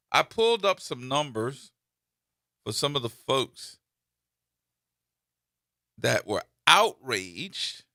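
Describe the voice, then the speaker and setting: Lively New man on talk radio. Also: medium pitch, no echo, clean studio sound. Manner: animated, colloquial, excitable. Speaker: radio talk show host. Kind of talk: casual talk radio commentary. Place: radio studio.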